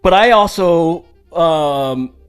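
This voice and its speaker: A man's voice: fairly high pitch, lively intonation, drawn-out words, clean tone, faint music behind. A man in his thirties, raised in Samoa, co-hosting a podcast in casual storytelling chat, rambling and laughing, with frank swearing. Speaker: podcast co-host.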